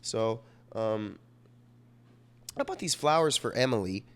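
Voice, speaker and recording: A man's voice: lowish voice, expressive, slow pace. A young man telling a rambling personal story in a vlog, profane and self-mocking, full of fillers, and sick. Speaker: vlogger.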